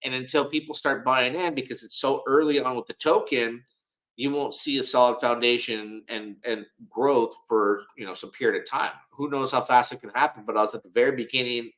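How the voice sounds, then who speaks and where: A man's voice: medium pitch, fairly bright tone, low-quality recording. A man hosting a casual livestream, talking in a rambling, frank way and often repeating and restarting his words. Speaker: livestream host.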